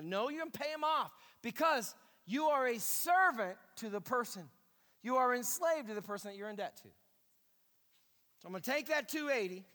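A man preaching on money management to a live audience, swinging from quiet asides to loud bursts and acting out his listeners' voices. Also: high voice, in a large hall. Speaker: pastor teaching personal finance. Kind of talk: lively sermon to a live audience.

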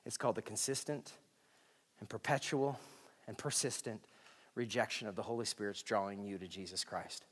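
A man's voice: fairly low pitch, fairly even intonation, moderate pace, fairly bright tone, slightly rough. A middle-aged man preaching a sermon from a church stage, emphatic, repeating key words and speaking straight to the congregation. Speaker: pastor. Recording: long echoing hall reverb.

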